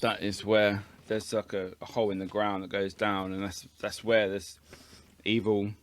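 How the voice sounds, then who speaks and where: A man's voice: lowish voice, little pitch movement, normal speed. A man, co-hosting a podcast with cheeky, laughing banter. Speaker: podcast co-host. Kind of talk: casual chat.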